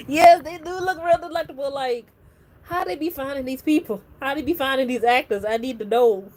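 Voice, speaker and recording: A woman's voice: sits high, brisk, rough recording. Chatty woman streamer, light hiss. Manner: animated, chatty, lots of "like" fillers. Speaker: livestream host. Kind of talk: casual reaction chat.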